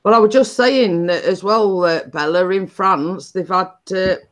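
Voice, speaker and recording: A woman's voice: lowish voice, measured pace. A woman hosting a chatty live stream, telling stories in a rambling way with many restarts.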